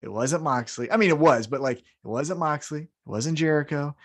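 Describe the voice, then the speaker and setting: A young adult man chatting casually as a podcast co-host. His voice sits a little higher than most men's. He talks in an animated way and often acts out little quoted lines. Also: moderate pace. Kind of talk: casual chat.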